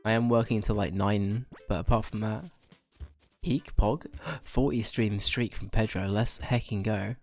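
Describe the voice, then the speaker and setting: Congested low-voiced man streaming. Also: measured pace, faint music behind. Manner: chatty, rambling, addressing chat by name. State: congested, slightly ill. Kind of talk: casual stream chat.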